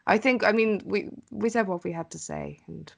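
A woman's voice: mid-range voice, normal speed, gravelly. A woman playing a tabletop game, casual and swearing freely. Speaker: player.

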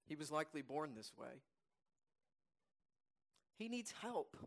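A male pastor preaching a sermon, emphatic and repeating key phrases, and reading scripture aloud slowly and softly. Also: fairly high pitch, sing-song, creaky.

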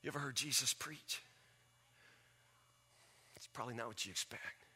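A man's voice: mid-range voice, normal speed, sharp tone, slightly rough. A man preaching a sermon with emphatic, repeated phrases that build in intensity.

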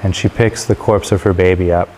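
A man tells a traditional parable in an unhurried, relaxed manner, pausing with fillers now and then. His voice is deep and low. A faint hum of noise sits behind him. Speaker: storyteller. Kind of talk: spoken parable storytelling.

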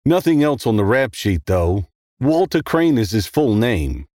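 A man's voice: mid-range voice, big pitch swings, a little slow, a little mellow, dry recording, studio quality. A man voicing a young police officer with a New York accent, giving matter-of-fact information.

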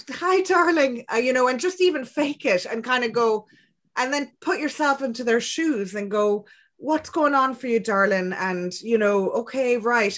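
A woman talking as a podcast guest, relaxed and conversational, with a gentle, reflective manner and plenty of soft fillers. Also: a little high. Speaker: guest, clinical psychologist. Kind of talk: casual conversation.

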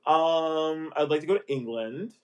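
In a casual chat on the podcast he hosts, a man speaks animatedly and a little slowly in a slightly high voice, laughing a lot and putting on playful voices. He's a bit sniffly and congested.

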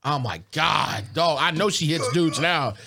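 Animated young man, high voice. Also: a little slow, vocal fry. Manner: animated, slangy, loud bursts when excited. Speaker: co-host. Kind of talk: casual chat and storytelling.

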